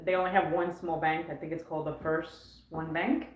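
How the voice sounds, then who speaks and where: A woman co-hosting a casual chat, telling a story in an animated way. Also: deep voice, a little fast, a little hiss or hum. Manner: animated, acts out quoted voices. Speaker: co-host of a tennis channel. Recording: echoey room.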